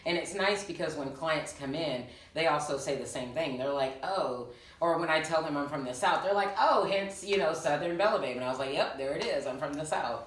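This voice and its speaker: Laid-back low-voiced woman from Georgia. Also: brisk. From Georgia, US South. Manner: laid-back, chatty storyteller, laughs often. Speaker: hairstylist and salon owner, co-host. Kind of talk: casual chat. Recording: roomy, from a distance.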